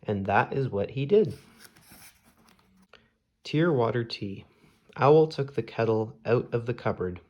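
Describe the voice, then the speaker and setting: Slow, measured man reading a storybook. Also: mid-range voice, animated, highs cut off. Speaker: storybook reader. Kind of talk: children's story read-aloud.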